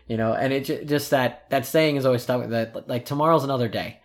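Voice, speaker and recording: A man's voice: medium pitch, fast talker, few pauses. A man in his thirties co-hosting a podcast, telling a personal story earnestly with many restarts. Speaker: podcast co-host. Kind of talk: casual storytelling chat.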